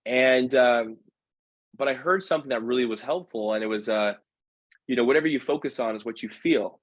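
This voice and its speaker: A man telling stories as a podcast guest, talking casually and quickly correcting himself. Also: mid-range voice, dry recording. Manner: animated, acts out quoted voices, quick self-corrections. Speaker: guest, professional dancer. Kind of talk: casual storytelling in a podcast conversation.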